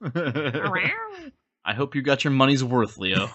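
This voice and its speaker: Playful jokey podcast co-host, animated. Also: mid-range voice, slow, muffled recording. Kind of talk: casual podcast chat.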